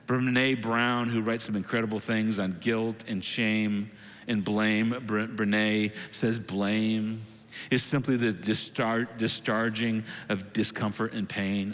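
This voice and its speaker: A man preaching a sermon as lead pastor, animated and acting out quoted voices. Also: measured pace. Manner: animated, acts out quoted voices with sudden pitch jumps. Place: church auditorium. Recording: long hall reverb.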